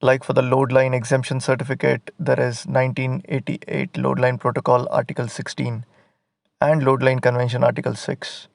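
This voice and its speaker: A man's voice: medium pitch, completely flat delivery, moderate pace, vocal fry, no room sound. A man teaching an exam prep lesson, explaining step by step and telling a story to help students memorize a list.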